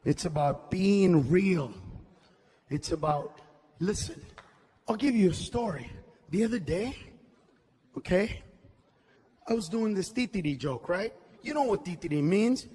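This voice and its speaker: A man doing a loud stand-up comedy set on stage, shouting his punchlines and slipping Spanish words into his English. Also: sits high, big pitch swings, a little slow, long pauses, breathy edge, in a large hall. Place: comedy stage before a live audience.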